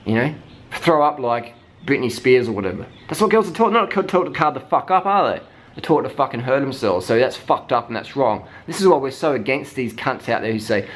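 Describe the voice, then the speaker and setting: A man's voice: medium pitch, animated, fairly quick. Ranting man, swearing hard. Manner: heated, heavy swearing, mocking put-on voices. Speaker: vlogger. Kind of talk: profane rant.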